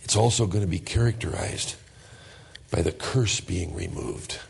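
A pastor preaching a sermon, reading scripture aloud and then talking in a lively, conversational way, sometimes jumping high in pitch to act out everyday exchanges. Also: male voice, moderate pace, vocal fry, breathy edge.

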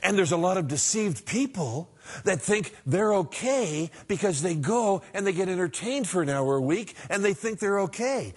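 A middle-aged pastor delivers a sermon in a husky, slightly higher-pitched male voice. He preaches in an earnest, conversational way, pressing hard on some lines and dropping to a hush on others. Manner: earnest, conversational preaching with emphatic swings from loud to hushed.

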